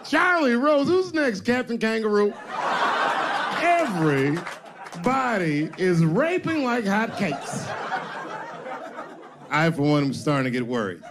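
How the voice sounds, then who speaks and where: A man's voice: high voice, big pitch swings, takes it slowly, long pauses. A middle-aged man doing a sardonic stand-up routine on a live comedy stage. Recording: live show with audience noise.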